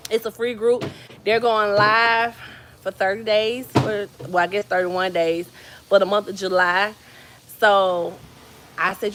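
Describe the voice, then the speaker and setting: Bright-voiced chatty woman livestreaming. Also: on the high side, a little hiss or hum. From New Jersey. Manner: chatty, storytelling, addresses viewers by name. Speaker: vlogger hosting a livestream. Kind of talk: casual livestream chat with viewers.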